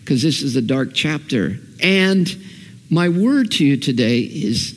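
A man preaching a sermon as pastor, lively and emphatic, repeating key phrases as he builds. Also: a little high, measured pace. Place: church hall. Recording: long hall reverb.

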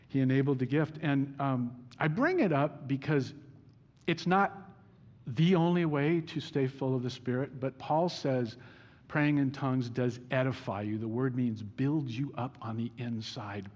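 A man's voice: mid-range voice, moderate pace, darkish tone. A man preaching a sermon as pastor, telling a personal story in a casual, self-deprecating way. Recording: reverberant hall.

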